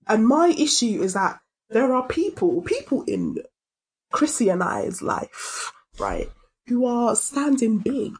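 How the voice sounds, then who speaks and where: A woman's voice: medium pitch, darkish tone, husky. A British woman co-hosting a podcast, talking in an emphatic, ranting way with the odd swear. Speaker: podcast co-host. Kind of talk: casual chat.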